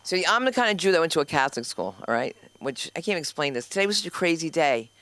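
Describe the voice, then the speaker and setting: An older woman with a New York accent, telling rambling stand-up stories on a comedy club stage in a loud, brash, self-deprecating way and chatting with the crowd. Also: low-pitched, sing-song, quick pace, no room sound.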